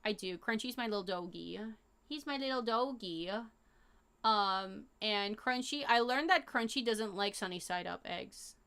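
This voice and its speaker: A young woman streaming live, chatting casually with her viewers in a rambling, animated way full of fillers and slang. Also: mid-range voice, unhurried, clear, resonant tone. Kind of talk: casual chat to a live chat audience.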